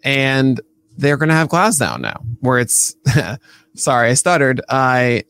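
A man's voice: medium pitch, slow pace, fairly bright tone, smooth. A man co-hosting a casual baseball podcast, playful and teasing, rambling through his picks. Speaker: podcast co-host.

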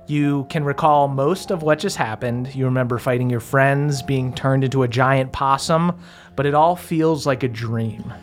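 A man's voice: mid-range voice, moderate pace, faint music behind. Casual man narrating a tabletop game. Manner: casual, many fillers and swearing. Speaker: game master.

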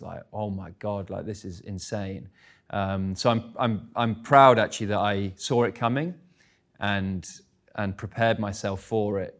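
An English man in his thirties, a guest at a live event, telling stories in a chatty, self-deprecating way and laughing at himself. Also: on the low side. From England. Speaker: guest speaker. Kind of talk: live stage interview, storytelling.

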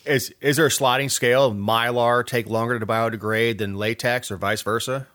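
A man's voice: mid-range voice, fairly even intonation, moderate pace, fairly bright tone. A middle-aged man from Georgia co-hosting a casual political talk show, sarcastic and rambling, with frequent restarts.

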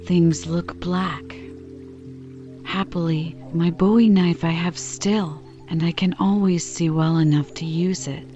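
A woman's voice: on the low side, steady tone, slow, warm tone, highs cut off, faint music behind. A woman reading the lines of a furious Canadian harpooner in an audiobook, in an angry, blustering manner. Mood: indignant.

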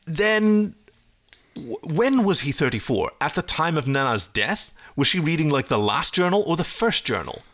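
A man co-hosting a podcast in casual chat, animated and jokey, rambling from one tangent to the next. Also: fairly high pitch, normal speed. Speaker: podcast co-host.

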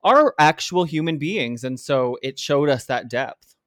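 A man co-hosting a casual film podcast, relaxed and wry, dropping jokes. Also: on the high side, measured pace, dry recording, clean studio sound. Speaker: podcast co-host.

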